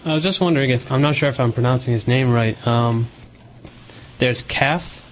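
A man's voice: mid-range voice, normal speed, slight background noise. A man calling in with a hesitant question. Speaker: caller.

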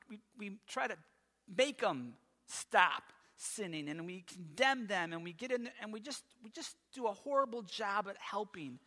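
A high, bright-toned man preaching in a church, his voice trailing off into a long hall reverb. He tells stories animatedly, tossing in quick asides. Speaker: pastor. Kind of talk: sermon. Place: church sanctuary.

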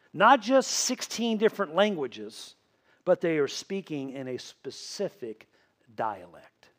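A male pastor with a Tennessee accent preaches to his congregation. His voice sits high for a man, and he keeps tossing questions out to the room and asking "right?". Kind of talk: sermon. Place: church.

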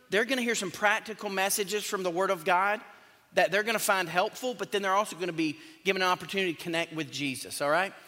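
A male pastor with a high, sharp-toned voice preaches a sermon in a church sanctuary. His delivery is conversational, joking and emphatic, and the recording carries the long reverb of a church hall.

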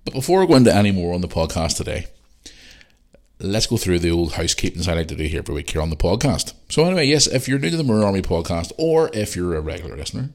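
A man's voice: low-pitched, sing-song, fast talker, vocal fry. A middle-aged man with a Northern Irish accent, hosting a casual solo podcast and chatting in a rambling, ranting way. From Northern Ireland. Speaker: podcast host.

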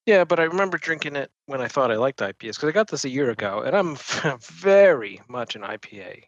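A man's voice: mid-range voice, very animated, brisk, dry recording, highs cut off. A man co-hosting a casual podcast, talking in a laid-back, self-mocking way. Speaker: podcast co-host. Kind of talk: casual chat.

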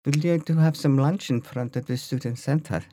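A man's voice: medium pitch, fairly quick, dark tone, dry recording, clean studio sound, pitched above the performer's own voice, close to an everyday voice. A man voicing his eager, very tall former girlfriend in a put-on Dutch accent. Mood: sweetly inviting.

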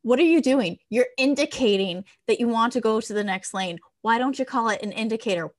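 A woman's voice: fairly high pitch, brisk. A woman with an Irish accent, from Ireland, co-hosting a podcast in casual chat and swearing freely as she rants playfully. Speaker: podcast co-host.

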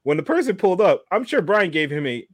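A man with a fairly high, lively voice teases his co-hosts on a livestream podcast, close and dry on the mic. He laughs a lot and slips into playful quoted voices. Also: quick pace, no room sound. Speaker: podcast co-host. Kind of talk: casual livestream chat.

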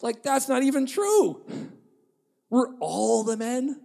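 A man preaching a sermon in an animated, joking way, acting out quotes and laughing at his own jokes. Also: extremely high pitch, takes it slowly, gravelly. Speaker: pastor. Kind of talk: lively sermon. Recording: long reverb of a large hall.

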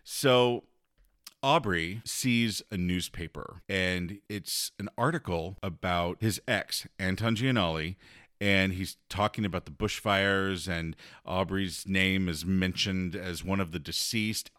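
Low-voiced man, animated book chat. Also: slow pace, dry recording, clean studio sound. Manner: animated storytelling, laughs often. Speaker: podcast co-host.

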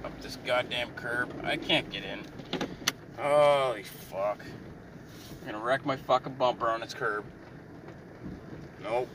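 A man's voice: medium pitch, moderate pace, pauses often. A man ranting in a frustrated, profane and rambling way while driving and parking his car. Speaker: vlogger. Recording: distant mic with clear car road noise.

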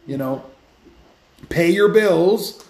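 A man hosting a Christian podcast, telling stories in a lively, casual way with many restarts. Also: sits high, very slow, roomy sound. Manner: animated storytelling with many restarts. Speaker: podcast host, Christian speaker. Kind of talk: casual faith talk.

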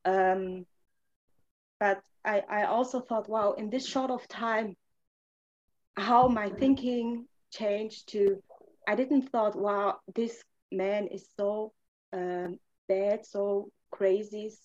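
A woman sharing a personal testimony, earnest and halting, pausing often on fillers and restarting her sentences. Her English phrasing is non-native and her voice sits at an average pitch. The recording has a slightly dull, lo-fi sound. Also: steady tone, a little mellow. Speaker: podcast guest.

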